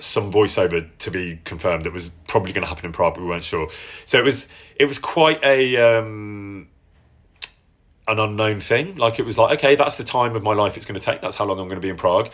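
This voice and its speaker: Deep-voiced man chatting live. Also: a bit bright. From English Midlands. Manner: chatty, reflective, reads out viewer questions. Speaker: voice actor hosting a live stream. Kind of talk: casual live-stream Q&A.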